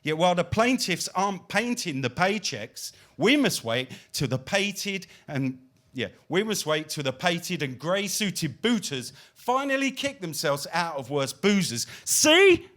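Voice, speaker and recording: Man declaiming poetry with lively pitch. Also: a little slow. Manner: dramatic recitation with big swings in loudness and pitch. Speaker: guest poet. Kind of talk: spoken-word poetry performance.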